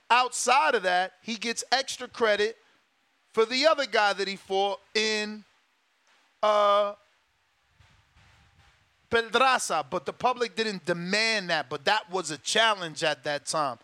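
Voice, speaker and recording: A man's voice: sits high, pushed and bright, clean tone, dry recording. A man hosting a boxing talk show, ranting in a casual, emphatic way, swearing and repeating his points. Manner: emphatic, profane, repeats himself.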